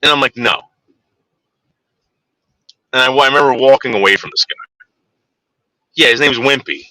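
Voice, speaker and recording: A man's voice: medium pitch, fast talker, bright, forceful tone, no room sound, rough recording. A man in his forties telling a crude, rambling anecdote, full of fillers and digressions. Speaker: storyteller.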